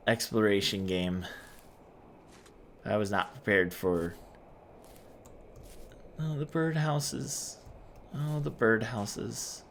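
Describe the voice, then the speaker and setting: A man hosting a gaming channel, giving quiet, soft-spoken let's-play commentary and musing aloud as he explores. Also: low voice, slight background noise.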